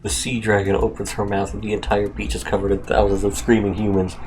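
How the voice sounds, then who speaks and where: A man narrates a text-adventure game with a comedic edge, breaking into wry, joking asides and laughs. His voice sits a little low, and quiet music plays behind him. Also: monotone, brisk. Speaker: gaming video host.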